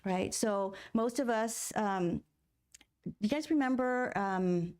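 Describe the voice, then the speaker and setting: A middle-aged woman minister preaching in a church in an easy, conversational way. She keeps asking the congregation questions and slips into voicing inner thoughts, with a voice of middle pitch. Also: slow pace, a little mellow, smooth. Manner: acts out inner voices in quotes. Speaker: guest minister. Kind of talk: sermon. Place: church sanctuary.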